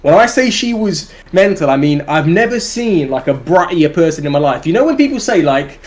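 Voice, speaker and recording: A man with a British accent telling a story on a livestream, animated and swearing, often laughing as he goes. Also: on the high side, fairly quick. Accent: British English. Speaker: live streamer.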